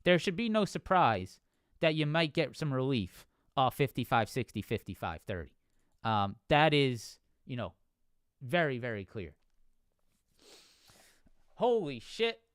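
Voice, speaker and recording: Brief: male streamer, smooth clear voice, close dry mic, chatty chart talk with "right?" tags. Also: mid-range voice, animated, moderate pace, no echo. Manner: conversational, peppers talk with "right?". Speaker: trading live streamer. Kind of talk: casual live-stream market analysis.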